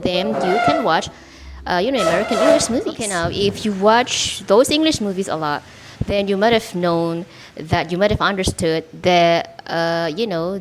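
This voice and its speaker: A woman's voice: mid-range voice, noisy background. A woman with an Indonesian accent, a native Indonesian speaker, giving a casual English lesson, chatty and full of examples and fillers. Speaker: English teacher. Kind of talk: casual teaching video.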